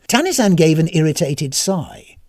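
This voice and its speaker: A storyteller narrating a scripted story in a wry, expressive way. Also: mid-range voice, normal speed, no echo, studio quality.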